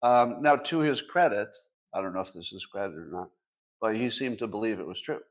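A man's voice: on the low side, lively intonation, a little fast. A man in his sixties hosting a casual livestream, talking to his audience with dry sarcastic asides. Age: 60s. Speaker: podcast host.

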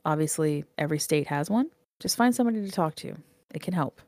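A woman's voice: low voice, animated, fast talker, darkish tone, dry recording. A woman co-hosting a podcast, telling things in a wry, matter-of-fact way. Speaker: podcast co-host, storyteller. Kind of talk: casual chat.

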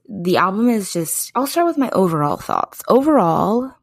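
A woman's voice: mid-range voice, very animated, moderate pace, hardly any pauses, no room sound. A young adult woman hosting a podcast, chatting casually and effusively. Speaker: podcast host.

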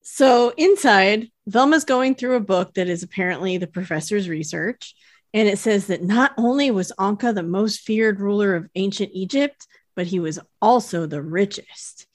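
A woman's voice: moderate pace, no echo. A woman casually recapping a cartoon episode for a podcast, telling the plot steadily with dry humor. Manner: steady storytelling recap, dry humor, lifts her pitch for quoted characters. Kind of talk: casual chat.

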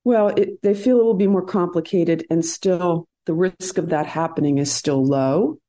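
A middle-aged woman surgeon, a podcast guest, explaining in an earnest, measured way with hesitant fillers. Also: on the low side, dark tone.

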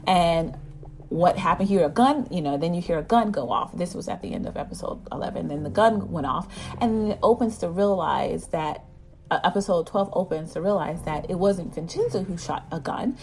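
A woman giving a casual, animated episode recap. She rambles with many fillers and keeps acting out the characters' lines. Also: on the low side, moderate pace, a little hiss or hum. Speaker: drama recap vlogger.

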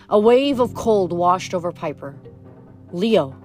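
A woman reading a novel aloud in an unhurried way, with small slips and restarts. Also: lowish voice, lively intonation, a little mellow, soft background music. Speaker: reader.

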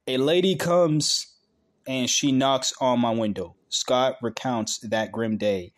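Slow, halting man reading news aloud. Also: mid-range voice. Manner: slow, halting reading with stumbles and blunt profane asides. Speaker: commentator reading a news article. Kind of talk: casual commentary reading aloud.

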